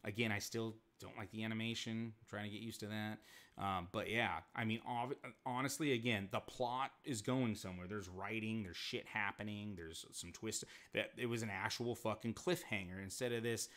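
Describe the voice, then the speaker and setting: A man streaming casual commentary, rambling and swearing often as he recaps scenes with quick voiced asides. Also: fairly low pitch, fairly even intonation, fairly bright tone. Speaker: streamer reviewing comics and shows.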